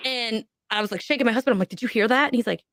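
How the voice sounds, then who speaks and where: A woman's voice: a little high, very fast, fairly bright tone, no room sound, studio quality. A woman on a podcast telling a personal ghost story, acting out the voices she quotes. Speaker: podcast guest.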